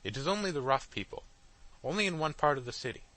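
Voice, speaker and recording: An anxious male guide hurrying to reassure his companion, as the narrator plays him, talking quickly in a higher, bright voice. Smooth and placating. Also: expressive, dry recording, poor audio. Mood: reassuring.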